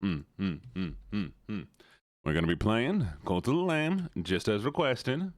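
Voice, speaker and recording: Playful male streamer, lively voice. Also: fairly low pitch, measured pace, dry recording. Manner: playful, laughs often, thanks viewers. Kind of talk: casual livestream chat.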